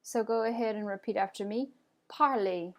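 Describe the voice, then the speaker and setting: A woman's voice: mid-range voice, fairly even intonation, a little slow, a little mellow, muffled recording. Encouraging woman teaching French pronunciation. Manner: clear, encouraging, has learners repeat after her. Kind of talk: pronunciation lesson.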